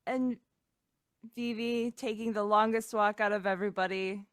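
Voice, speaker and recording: A woman narrating a tabletop game as game master in a slow, relaxed way. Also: medium pitch, no echo, clean studio sound.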